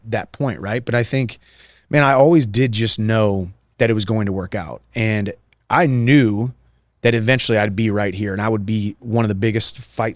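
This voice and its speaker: A man's voice: fairly low pitch, no room sound, studio quality. A man in his thirties, a guest on a podcast, talking earnestly and emphatically and repeating phrases for rhythm. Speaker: guest, professional fighter. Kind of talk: casual podcast conversation.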